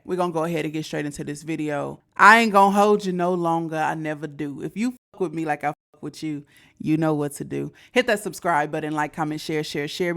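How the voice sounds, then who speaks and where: A woman's voice: low voice, creaky. A woman hosting a reaction video, chatting casually to viewers and often checking in with "okay?". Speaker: host.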